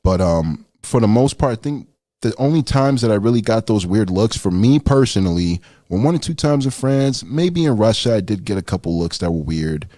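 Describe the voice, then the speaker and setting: A man's voice: expressive, normal speed, dark tone, no echo, studio quality. A young man who is a guest rapper, chatting casually on a call-in radio show, laid-back and swearing freely. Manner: laid-back, swears freely, squeals high when acting out his own surprise.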